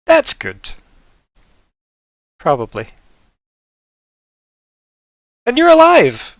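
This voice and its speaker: A lazy, forgetful sloth-like fellow, put on by a man in a pitched-up, drowsy voice. He sounds indignant at being woken and loses track of who he has met. The sound is dry and close. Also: huge pitch swings, unhurried, a bit bright, no echo, heavily acted. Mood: surprised. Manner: sleepy, forgetful, theatrically indignant.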